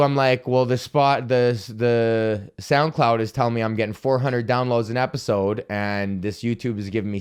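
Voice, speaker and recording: A young man hosts his own comedy podcast alone, rambling through a profane, self-deprecating rant. His voice is smooth and clear, at an ordinary pitch for a man. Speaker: podcast host.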